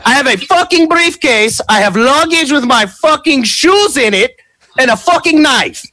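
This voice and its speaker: A man voicing a weary, exasperated male criminal boss in a tabletop game, grumbling low and bursting into cursing. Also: sing-song, moderate pace. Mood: shouting.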